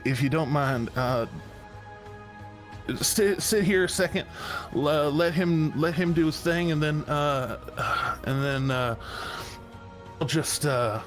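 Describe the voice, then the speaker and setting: Guy doing a soft southern lady talking thru a pet, high and slow, faint music behind. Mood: concerned. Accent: soft Southern US (put on). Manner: halting, soft-spoken, concerned. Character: gentle caring woman speaking through a familiar.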